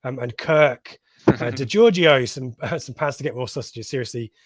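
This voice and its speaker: A man hosting a live podcast, easygoing and chatty, stopping to read out comments from viewers. His voice sits at a middle pitch and is recorded close and dry. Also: moderate pace, no echo. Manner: chatty, reads out viewer comments, laughs often. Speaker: podcast co-host. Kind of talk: casual live reaction chat.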